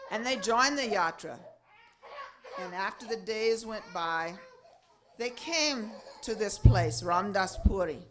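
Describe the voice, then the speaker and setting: A woman telling a religious story to a gathering, expressive and acting out the characters' voices. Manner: expressive, swinging pitch and loudness, acting out voices.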